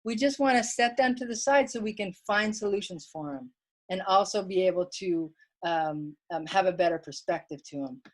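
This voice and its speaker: A woman's voice: medium pitch, moderate pace. A woman giving an online wellness workshop talk from home, chatty and plain-spoken, reading viewer comments aloud.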